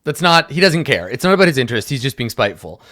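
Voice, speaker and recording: A man's voice: mid-range voice, big pitch swings, racing, fairly bright tone. A man narrating a tabletop game as game master, rambling and hesitant, full of fillers.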